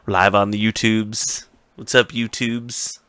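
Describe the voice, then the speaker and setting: Bright-voiced guy hosting a chatty recap, rambly and energetic, dry close mic. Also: fairly low pitch, unhurried, clear, resonant tone, dry recording. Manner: energetic, rambling with restarts and acted-out quotes. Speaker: podcast co-host. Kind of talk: casual chat recap.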